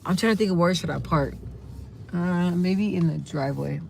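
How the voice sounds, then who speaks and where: A woman hosting a casual live stream from her phone while she drives, chatting with her viewers and venting in an animated way with sudden pitch jumps. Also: moderate pace, gravelly. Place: in a car while driving. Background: faint car noise.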